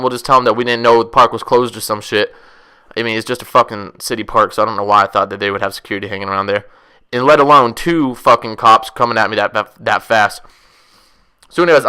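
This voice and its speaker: A young man telling a wild story casually, profane, rambling and excitable. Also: medium pitch, smooth. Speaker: vlogger.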